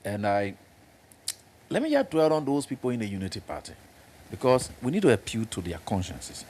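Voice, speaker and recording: Animated Liberian man arguing politics. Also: a little fast. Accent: Liberian English. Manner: emphatic, animated, jumps up in pitch to press points. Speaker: panelist. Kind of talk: political talk show discussion.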